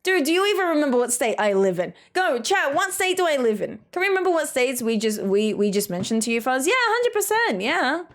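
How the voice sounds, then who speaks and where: A young woman from Australia streaming a game, chatting casually with her chat in a rambling way, with "like" in every sentence and quick laughs. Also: high-pitched, very animated. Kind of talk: casual chat reading out chat messages.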